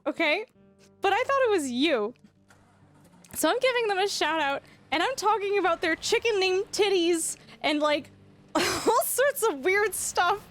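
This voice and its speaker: A young woman chatting casually on a live stream, telling an embarrassing story with lots of laughter and sudden high squeals. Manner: animated storytelling, frequent laughter, rising squeals. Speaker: livestreamer.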